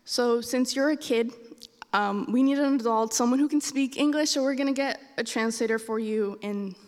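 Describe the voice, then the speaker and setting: A woman's voice: a little high, moderate pace, natural voice. A woman voicing a man from an insurance company on the phone, businesslike and impatient, in a reverberant hall. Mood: flat.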